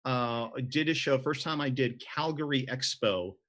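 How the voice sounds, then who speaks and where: A middle-aged man from the southern United States spins a story with quick asides and self-corrections. He co-hosts a relaxed conversation and speaks at an ordinary pitch. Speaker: co-host. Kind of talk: casual chat.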